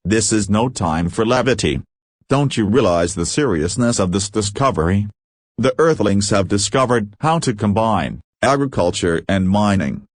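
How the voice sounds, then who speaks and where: Pompous alien leader, male, low and dry, read by a man. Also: animated, normal speed, no room sound. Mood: commanding. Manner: commanding, self-important. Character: pompous giant-brained male alien leader, easily alarmed.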